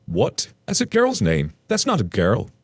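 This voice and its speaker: A man's voice: fairly low pitch, wildly swooping pitch, unhurried, breathy edge, dry recording, exaggerated voice. A man voicing a pushy, judgmental entitled mother in a story reading, with a nosy and scolding manner. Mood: scornful. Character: shrill, pushy middle-aged woman, an entitled mother.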